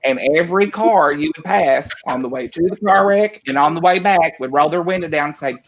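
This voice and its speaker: A man's voice: fairly high pitch, brisk, dull audio. A man with a Southern Appalachian accent telling stories in casual chat, often laughing and mimicking locals. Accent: Southern US, East Tennessee.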